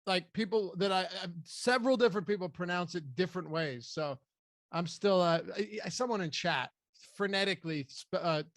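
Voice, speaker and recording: A man hosting a fantasy football talk show in casual, conversational analysis. His voice sits a bit high for a man, and the sound is close and dry. He restarts his sentences often. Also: a bit bright, dry recording. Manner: conversational, loose with frequent restarts. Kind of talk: casual sports analysis chat.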